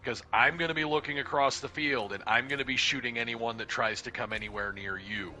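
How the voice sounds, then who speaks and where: A man telling a profane, animated paintball story in casual chat, acting out what people said. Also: mid-range voice, a little fast, faint music behind. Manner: profane, animated, acts out dialogue.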